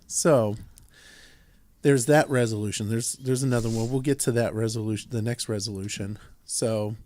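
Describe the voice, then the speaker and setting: A man's voice: mid-range voice, fairly even intonation, normal speed, a little mellow. A man co-hosting a podcast, talking casually through council business with many fillers and restarts and a dry sense of humor. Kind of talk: casual chat, reading a council resolution aloud.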